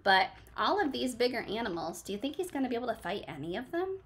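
A woman teacher reading a picture book to her class, her pitch rising and falling in lively swings. She pauses to quiz the children and praise their answers. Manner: questioning, encouraging, addressing children by name.

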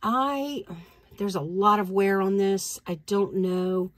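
A woman's voice: mid-range voice, takes it slowly, no echo. A woman reselling jewelry, chatting casually as she unboxes it, thinking aloud and laughing easily. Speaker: reseller vlogger.

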